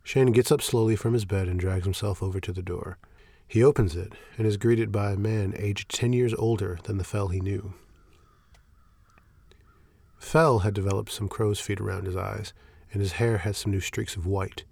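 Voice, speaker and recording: Gravelly, low male horror narrator. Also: no room sound. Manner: steady, measured storytelling. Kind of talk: scripted horror story reading.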